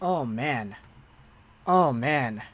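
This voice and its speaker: An amateur livestream host calling a hockey game play by play, excitable and breathless. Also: medium pitch, very slow.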